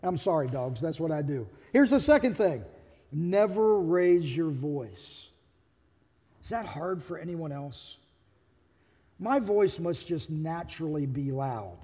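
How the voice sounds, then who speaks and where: A man's voice: a little high, lively intonation, takes it slowly, warm tone, long reverb tail. A man who is a pastor, delivering a sermon in a conversational, humorous way and acting out quotes.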